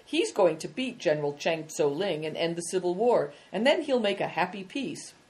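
A woman's voice: fairly low pitch, very animated, moderate pace, a little mellow. A woman voicing Big Tiger, an eager, chatty thirteen-year-old boy, in a storybook reading. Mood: earnest.

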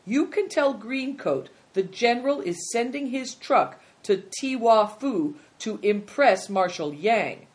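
A woman reading a storybook aloud and voicing a steady, earnest young boy who sounds a little wise. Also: medium pitch, voice pushed up, close to an everyday voice.

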